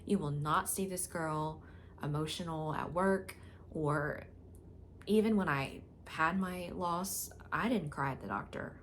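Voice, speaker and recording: A woman vlogger speaks straight to her audience in a candid, unguarded way, with many fillers and restarts. Her voice sits on the low side. A faint background noise runs under it. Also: a little slow. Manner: candid, frank and emotional, with filler words. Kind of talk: casual personal storytelling to camera.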